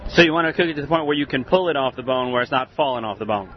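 A man, a radio host and restaurateur, interviewing people in a quick, joking manner. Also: mid-range voice, expressive, a little hiss or hum. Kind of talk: field interview. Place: outdoor festival crowd. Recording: muffled radio recording amid crowd.

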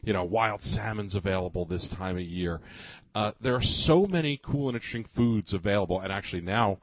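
A man's voice: lowish voice, no room sound, highs cut off. A man co-hosting a food radio show, talking with enthusiasm and plenty of restarts about seasonal produce. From Northeast US. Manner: enthusiastic, halting with many restarts. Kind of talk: casual radio food chat. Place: radio studio.

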